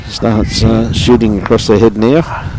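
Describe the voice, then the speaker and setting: Older Aussie bowls commentator, chatty and matey. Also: male voice, lowish voice, little pitch movement, measured pace, background noise. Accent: Australian. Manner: chatty and matey, greets online viewers by name, chuckles often. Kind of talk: live sports commentary. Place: outdoor bowls club green.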